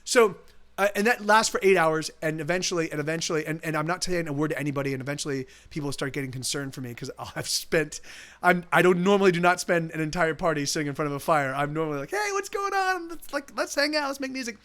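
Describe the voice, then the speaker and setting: A man's voice: a little high, fairly even intonation, fast talker, a bit bright. A male musician streaming live, telling a rambling, casual story full of restarts and swearing, with faint guitar behind.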